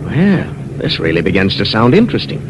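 A man's voice: lowish voice, huge pitch swings, a little fast, muffled recording, heavy background noise. An actor playing an earnest young man convinced a stranger's mind is reaching him, in an old radio drama. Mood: curious. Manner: eager, insistent. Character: earnest young male psychic-minded scholar. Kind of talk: 1940s radio acting.

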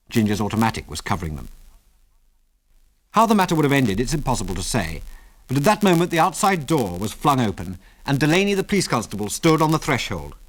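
A man narrating an adventure story in a measured, expressive way. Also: fairly low pitch.

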